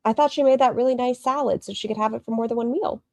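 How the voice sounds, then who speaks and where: A woman's voice: a little high, fast, darkish tone, dry recording. A woman making snarky reaction commentary on a video, mocking it and swearing freely. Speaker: commentary streamer.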